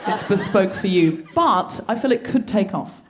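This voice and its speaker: A woman's voice: mid-range voice, normal speed, a little hiss or hum. A woman hosting a live comedy podcast on a theatre stage, telling stories with lots of laughter. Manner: animated, laughing storytelling. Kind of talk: live stand-up style banter.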